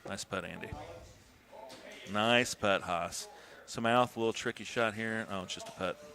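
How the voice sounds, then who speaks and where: A man doing casual live commentary on a golf video game tournament, swearing and breaking into shouts. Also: on the low side, normal speed, gravelly. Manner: excitable, swears, bursts into shouts.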